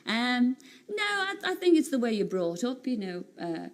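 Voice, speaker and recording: Chatty Liverpool woman, fairly high voice. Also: normal speed. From Liverpool, England. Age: 30s. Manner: chatty, animated storytelling with frequent laughter. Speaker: singer and TV entertainer, guest. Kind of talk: chatty talk-show interview. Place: TV studio.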